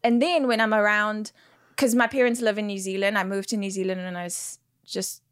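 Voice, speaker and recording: A woman's voice: medium pitch, steady tone, brisk, no room sound, clean studio sound. A woman in her forties from South Africa, with an American accent that slips toward South African, chatting as a podcast guest and laughing often. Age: 40s. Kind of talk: casual chat.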